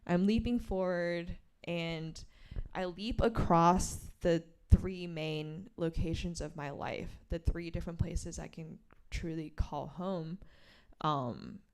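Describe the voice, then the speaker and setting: A woman author reading from her graphic memoir and explaining its pages, a lively storyteller who acts out the quoted lines. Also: lowish voice, takes it slowly, smooth. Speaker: author at a bookstore event.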